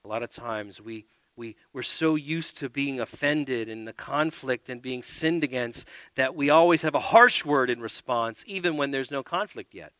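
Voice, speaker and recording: A man preaching a sermon, earnest, moving between loud emphasis and soft quiet asides. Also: mid-range voice, normal speed, no room sound.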